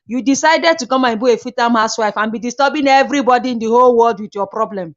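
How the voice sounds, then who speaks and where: A woman co-hosting a casual talk, animated and quick to laugh. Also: on the high side, highs cut off. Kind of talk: casual chat.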